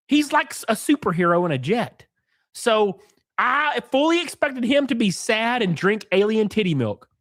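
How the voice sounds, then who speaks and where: A man hosting a live stream, chatting casually and joking loudly with viewers while sick and sniffly. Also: high-pitched, no echo, studio quality. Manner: rowdy, jokey, loud exclamations and laughs. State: sick and sniffly, stuffed nose.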